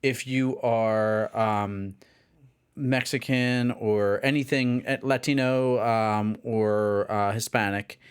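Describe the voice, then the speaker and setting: A man, co-hosting a podcast and telling a long, rambling anecdote in casual chat, acting out the shouting of people in his story. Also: on the low side, fairly even intonation, takes it slowly, clear, resonant tone. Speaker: podcast co-host.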